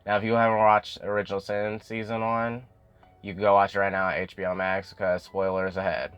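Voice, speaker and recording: Young man, low-pitched voice, casual show recap, chatty with lots of fillers, faint music underneath. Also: monotone, a little fast, fairly bright tone, clear, resonant tone, lo-fi sound. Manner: chatty, full of "you know" fillers, acts out quotes.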